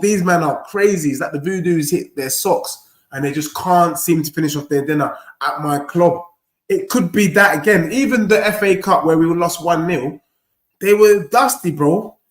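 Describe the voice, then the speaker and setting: A young man hosts a live football watchalong, reacting to every moment with slangy banter. His voice sits a touch high, and the recording has a roomy echo. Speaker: fan channel host.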